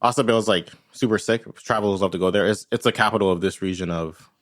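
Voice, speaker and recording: A man's voice: fairly low pitch, fast, fairly bright tone. A man running a tabletop game as game master, rambling casually and tagging his points with "right?". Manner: rambling, tags lines with "right?".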